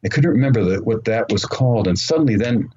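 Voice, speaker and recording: A man telling his story as an interview guest, earnest and unhurried, with frequent ums and uhs. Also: on the low side, animated, dark tone. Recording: muffled remote call audio with faint noise.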